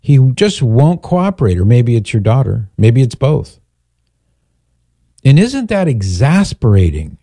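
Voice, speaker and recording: Older guy radio host, earnest, stops and restarts a lot, mellow tone. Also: medium pitch, big pitch swings, no echo, clean studio sound. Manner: earnest, reflective, halting restarts. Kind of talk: call-in radio talk.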